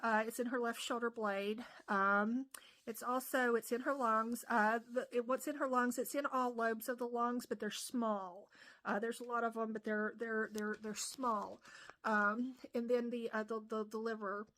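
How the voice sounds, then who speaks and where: High-voiced woman telling a rambling story. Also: fairly even intonation, moderate pace, a bit bright. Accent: Appalachian. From West Virginia. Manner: rambling, many fillers and restarts. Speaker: comedian vlogger. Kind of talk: casual storytelling.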